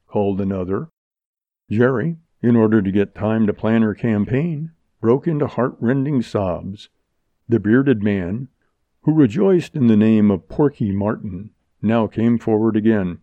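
A man narrating a story aloud as an audiobook reader, with an expressive reading. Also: fairly low pitch, measured pace, dry recording. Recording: dull lo-fi dry recording.

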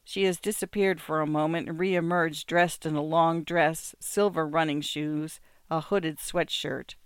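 Smooth clear storyteller reading a first-person novel, steady and measured, dry close sound. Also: mid-range voice, no room sound. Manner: measured, descriptive, smooth delivery. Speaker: narrator.

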